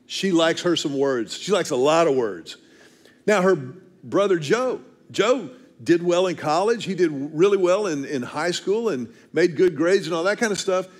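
A man in his fifties preaching a sermon, telling family stories and slowing down hard to stress key phrases. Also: a little high, expressive. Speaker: pastor.

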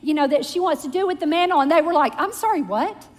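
Racing along in a high, steady voice, a middle-aged woman prays and recounts family stories from the pulpit, playfully poking fun at herself for her congregation. The church sanctuary gives a big-room sound.

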